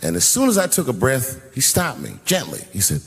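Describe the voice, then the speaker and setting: A middle-aged male comedian spinning a long stand-up story, full of cursing and vivid swings in pitch. His voice is a bit husky. A long reverb carries it through the venue. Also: a little fast, few pauses. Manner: profane, animated storytelling.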